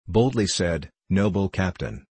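Guy reading as a blind cellar host, oily flattery, low husky drawl. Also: a little slow, no room sound, full character voice. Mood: sly mocking. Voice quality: flattering, mock-grand speech. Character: blind male cellar host, fawning and sly. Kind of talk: audiobook character reading.

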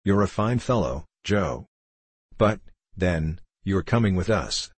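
A stubborn, skeptical gentleman hunter, as a narrator plays him, gruff and blunt as he brushes off every argument. The voice is low and husky, set close and dry for a storybook reading. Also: lively intonation, takes it slowly, dry recording, heavily acted.

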